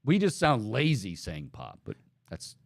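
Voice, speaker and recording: Lively male sports-talk host, reels off stats, dry booth sound. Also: fairly low pitch, unhurried, vocal fry, no room sound. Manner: animated, laughing, rattles off stats. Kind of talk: casual sports talk show.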